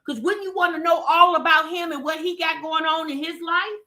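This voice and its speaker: A woman hosting a gossip commentary show, sassy and animated, talking straight to her chat. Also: very high-pitched, moderate pace.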